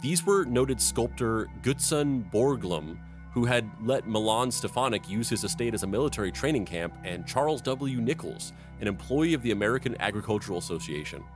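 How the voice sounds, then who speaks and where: A man's voice: medium pitch, lively intonation, normal speed, faint music behind. A man hosting a history podcast, narrating events and breaking off into silly riffs. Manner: reads history then riffs with silly tangents. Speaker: host and narrator.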